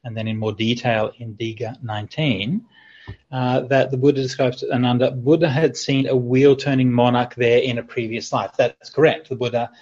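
A man, a Buddhist monk, answering questions in an online sutta class, relaxed and chatty with light humor. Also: mid-range voice, normal speed. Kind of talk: online teaching Q&A. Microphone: video call. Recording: dull lo-fi video call audio.

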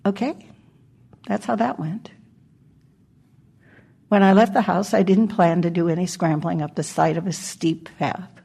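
An older woman gives a dharma talk in a low, gravelly voice with a husky edge. Her tone is mellow and dark. She speaks gently and reflectively, leaving pauses and laughing softly. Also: fairly even intonation. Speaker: meditation teacher. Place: meditation hall.

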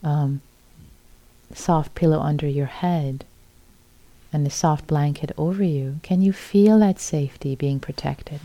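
A middle-aged woman giving a gentle, repetitive dharma talk as a meditation teacher at a retreat center. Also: deep voice, unhurried, no room sound.

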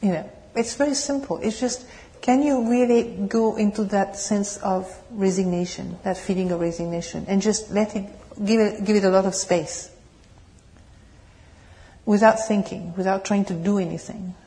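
A woman with a French accent tinged with British English, giving a meditation talk and answering questions in a gentle, searching way. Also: medium pitch, steady tone, normal speed. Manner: gentle, searching, laughs softly, asks the audience questions. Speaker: meditation teacher. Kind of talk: dharma talk with Q&A. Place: meditation hall.

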